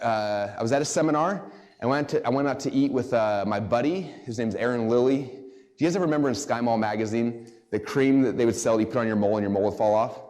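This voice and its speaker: A man giving a live seminar talk to a small group, excited and casual, peppering his speech with "like" and speaking directly to the audience. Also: medium pitch. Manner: excited, casual, heavy use of "like". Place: live event room.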